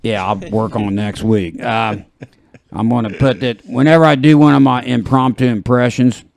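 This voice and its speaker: A man's voice: mid-range voice, fairly even intonation, normal speed, creaky, a little mellow, no echo. A man hosting a casual podcast chat, jokey and rambling, laughing often. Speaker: podcast host.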